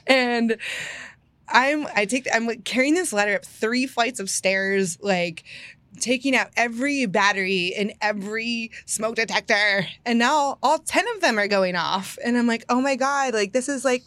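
A woman telling a personal story in a casual podcast chat, animated and full of "like" fillers, laughing often. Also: a little high, a little slow, dry recording.

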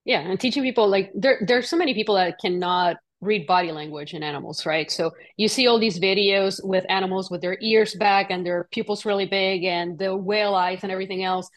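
A woman hosting a podcast at an average pitch for a woman. She speaks earnestly and explains her points in a relaxed conversation, often checking in with "right?". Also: a little fast, hardly any pauses. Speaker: podcast host. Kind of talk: casual interview conversation.

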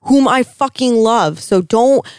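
A woman co-hosting a casual TV recap chat, talking in an animated, gushing way with some swearing. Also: a little high, slow, clear, resonant tone, dry recording, studio quality. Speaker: podcast co-host.

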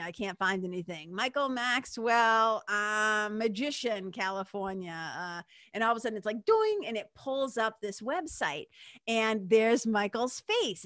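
In a clean studio recording with no echo, a woman hosting a show tells a casual personal story straight to her listeners. Her voice is on the high side and a bit bright, and she's chatty and emphatic, full of fillers like "like" and "you know."

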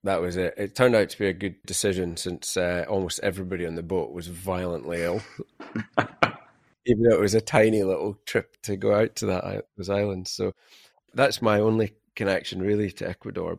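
A man's voice: low-pitched, fairly quick, vocal fry, dry recording, clean studio sound. A man hosting an interview, chatting casually and telling rambling travel stories. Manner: rambling, anecdotal storyteller. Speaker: podcast host.

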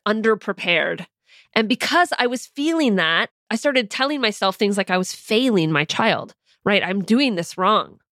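A woman's voice: medium pitch, fairly bright tone, dry recording, clean studio sound. A young woman in a teaching monologue, talking earnestly and casually as a mindset coach and acting out her own anxious thoughts in examples. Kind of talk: teaching monologue with personal stories.

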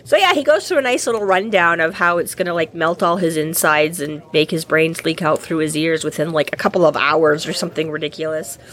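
A woman chatting casually about a book, retelling scenes with lively energy. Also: deep voice, brisk, hardly any pauses. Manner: animated, acts out characters while retelling.

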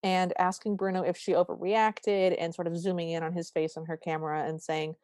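Woman co-host, lower voice, dry close sound, animated movie-recap banter. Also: fairly quick, dry recording. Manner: animated storytelling, acts out quoted lines. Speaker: podcast co-host. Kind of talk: casual movie recap chat.

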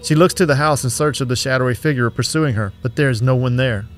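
A man reading a horror story aloud as scripted narration, in a steady, even way. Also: medium pitch, quick pace, faint music behind.

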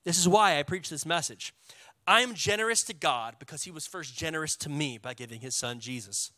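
A man with a Texan accent, a pastor preaching a sermon in a lively, casual way with call-and-response. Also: fairly high pitch, brisk, no room sound.

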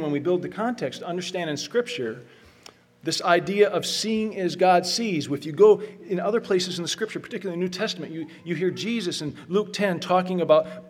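A middle-aged man preaching a sermon, earnest and emphatic, slowing down to stress repeated phrases. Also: sits high. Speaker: pastor.

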